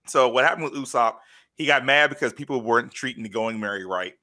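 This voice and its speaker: A man's voice: mid-range voice, fast. A man co-hosting a podcast, chatting casually and retelling stories with lots of fillers, choked up and near tears. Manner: animated storytelling with many fillers. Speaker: podcast co-host. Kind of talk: casual chat.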